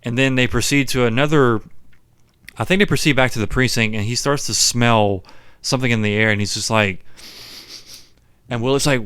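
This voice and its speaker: A man's voice: medium pitch, fairly even intonation, normal speed, long pauses, fairly bright tone, clear, resonant tone, dry recording, studio quality. A young man co-hosting a podcast, casually retelling movie scenes with plenty of "like" and swearing. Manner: laid-back storytelling, swears, fills with "like". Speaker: podcast co-host. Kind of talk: casual movie recap chat.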